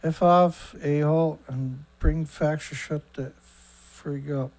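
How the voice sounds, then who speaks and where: A man's voice: on the high side, steady tone, slow, a little mellow. Blunt, sarcastic middle-aged man host. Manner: rambling with frequent fillers and asides. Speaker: host of a daily news livestream. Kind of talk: casual livestream commentary.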